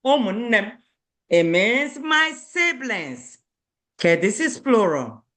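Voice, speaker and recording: A woman's voice: a little high, sing-song, slow pace, fairly bright tone. A woman teaching a beginner language lesson, repeating each word and checking in with "okay?".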